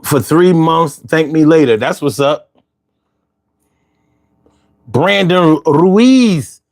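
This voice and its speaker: Guy with a pretty high voice hosting a chill podcast stream, cussing a lot, reading comments and riffing. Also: drawn-out words. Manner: profane, animated, riffs into rhymes. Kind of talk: casual livestream chat.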